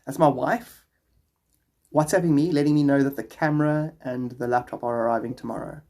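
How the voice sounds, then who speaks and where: A man's voice: mid-range voice, fairly even intonation, a little fast, dark tone. A man with a South African accent, rambling casually on a livestream and answering chat questions aloud.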